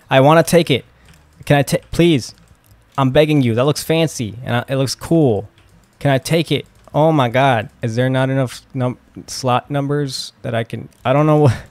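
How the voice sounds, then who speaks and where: A young man casually commenting while playing a game, flustered and excitable, often exclaiming and swearing. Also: medium pitch, no echo. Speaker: gaming video host.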